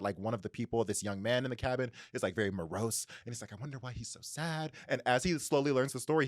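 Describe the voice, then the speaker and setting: A man hosting a book podcast, retelling a story in animated, casual chat with constant "like" fillers. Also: medium pitch, no room sound, clean studio sound. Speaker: podcast host.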